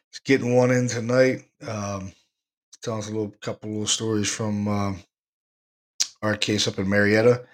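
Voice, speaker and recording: A man with a fairly low voice tells a ghost story at a relaxed, rambling pace. He chuckles now and then and keeps it casual, like he's talking with a friend. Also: moderate pace. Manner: rambling, laid-back, laughs while telling stories. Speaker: podcast host, paranormal investigator.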